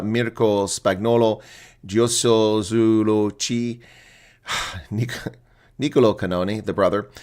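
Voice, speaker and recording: Low-voiced man doing rugby reaction commentary. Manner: chatty, blunt, exclaims often.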